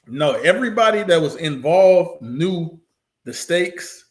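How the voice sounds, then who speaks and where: Guy reacting to a movie review, blunt and cussing, kinda high voice, echoey room. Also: expressive, moderate pace. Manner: blunt, profane, ranting. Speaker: reaction video host. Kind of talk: casual reaction commentary. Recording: roomy echo.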